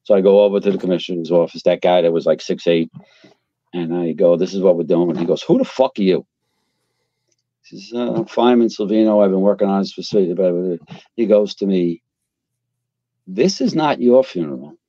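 This older Queens, New York man, a retired fire captain, talks in a low-pitched, brisk way as a casual interview guest. His stories come out blunt, profane and animated, captured in dull lo-fi sound without echo.

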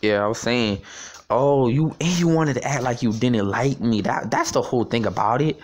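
A man's voice: medium pitch, moderate pace, a little hiss or hum. Young male vlogger, mid-range voice, casual phone chat, profane and taunting, stammering repeats.

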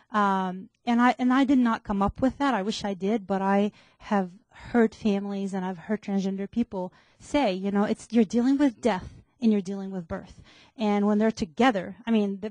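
A woman's voice: medium pitch, darkish tone, no echo. A woman pediatrician speaking at a community forum, earnest and explanatory in a conversational way.

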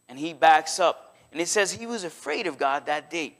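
A man with a high, bright voice preaches a sermon in church. He talks conversationally and gets animated, often slipping into little acted quotes. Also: normal speed. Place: church sanctuary.

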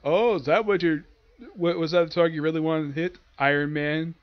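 A young man casually recapping a comic chapter, excited and slipping into quick voices for the characters. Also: on the high side, dry recording, muffled recording. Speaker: anime and manga reviewer.

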